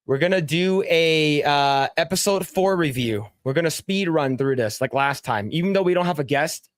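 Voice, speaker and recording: A man with a somewhat high voice hosts a loose podcast chat. He laughs a lot and swears freely, and he acts out the scenes he describes. The sound is dry and close, with no room around it. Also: expressive, moderate pace, no echo. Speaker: podcast host. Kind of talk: casual chat.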